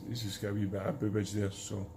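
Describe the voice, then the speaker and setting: Low, gravelly Scottish man chatting. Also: little pitch movement, quick pace, darkish tone, a little hiss or hum. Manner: chatty, jokey, rambling. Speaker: charity trekker. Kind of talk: casual vlog chat.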